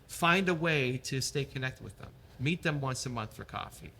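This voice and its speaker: A man's voice: medium pitch, lively intonation, moderate pace, bright, forceful tone, a little hiss or hum. A man giving upbeat motivational advice as a guest in an interview. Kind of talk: casual interview chat.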